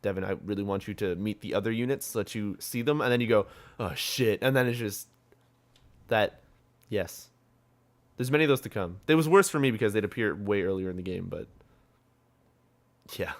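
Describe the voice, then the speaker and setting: A man's voice: on the low side, brisk, long pauses. Young guy cohosting a gaming podcast, chatty and rambly, laughs a lot, cusses casually. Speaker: podcast co-host.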